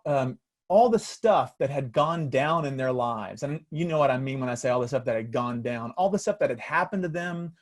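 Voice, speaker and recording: Man, pastor, earnest reflective sermon storytelling, mid-pitched voice, video call. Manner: earnest, reflective, with many restarts.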